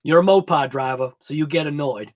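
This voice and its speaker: A man hosting a live hobby show, chatting casually with viewers in a rambling, excited way and laughing often. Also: a little high, moderate pace. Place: home garage workshop.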